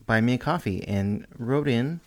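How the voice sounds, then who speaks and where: A man's voice: mid-range voice, animated, normal speed. A man co-hosting a podcast, laid-back and often laughing as he reads listener messages. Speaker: podcast co-host. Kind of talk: casual podcast banter.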